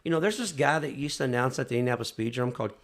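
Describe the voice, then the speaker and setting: A man, a race announcer, telling stories casually, with frequent stammering restarts and animated retelling. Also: medium pitch, very fast. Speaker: race announcer, podcast host. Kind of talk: casual storytelling chat.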